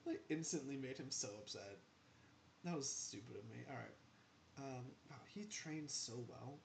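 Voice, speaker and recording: A man's voice: mid-range voice, lively intonation, moderate pace, gravelly, slight background noise. A man giving casual gameplay commentary as a gaming channel host, rambling in asides and talking back to the game.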